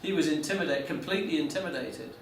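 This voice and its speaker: A man's voice: on the high side, distant mic. A man lectures a class in a slightly raised voice, stopping and restarting often as he tells a story. The room is echoey and he sounds set back from the mic, with a faint hum behind him. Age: 40s. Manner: halting, many restarts and fillers.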